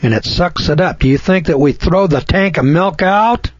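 A man's voice: on the high side, moderate pace, no echo. An older man hosting a radio show, giving folksy, preachy commentary and stretching key words for emphasis. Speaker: radio host. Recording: dull lo-fi radio sound.

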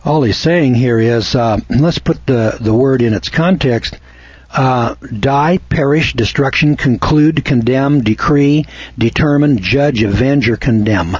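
American man, husky, unhurried preachy monologue host, dull dry lo-fi sound. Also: mid-range voice, dry recording. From United States. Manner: slow, deliberate, spells words out letter by letter; preachy, cites scripture references. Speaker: commentator. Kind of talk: opinionated monologue.

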